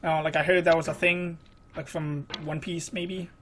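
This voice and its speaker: A man's voice: a little high, little pitch movement, moderate pace, a bit bright. A man playing a video game and commenting as he goes, groaning and exclaiming in exasperation at his failures. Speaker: gamer. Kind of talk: frustrated gameplay commentary.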